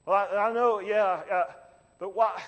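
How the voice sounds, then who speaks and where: A man with a notably high voice preaches a sermon at an unhurried pace. He builds to shouted emphasis, and a long hall reverb trails every phrase in the church. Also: steady tone, lo-fi sound. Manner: impassioned preaching, bursts of shouting. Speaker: pastor.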